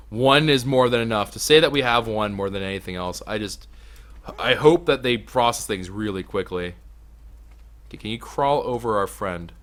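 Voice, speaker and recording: A young man giving casual let's play commentary as a gaming YouTuber, swinging from low mutters to loud excited outbursts. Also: normal speed.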